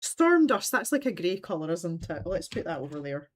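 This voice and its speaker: A Scottish woman in her thirties, hosting a livestream in animated, chatty conversation and laughing often. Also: fairly low pitch, normal speed, a little hiss or hum. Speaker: livestream host. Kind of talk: casual chat.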